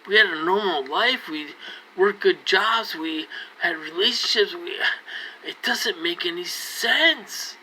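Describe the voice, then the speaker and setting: A man in his forties with a bright, sharp-edged voice talks slowly and deliberately to his viewers. He is earnest and pleading, and he keeps repeating himself as he presses each point, with a faint hum of noise behind him. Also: high-pitched, expressive, poor audio. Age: 40s. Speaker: vlogger. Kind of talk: casual direct-to-camera talk.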